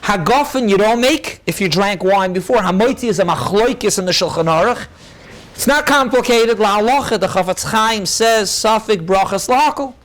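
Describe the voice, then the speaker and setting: Before a live audience, a male rabbi teaches a halachic class, explaining at a brisk pace, citing sources and fielding questions. His English is thick with Hebrew and Yiddish terms, and his voice is high-pitched with a fairly bright tone.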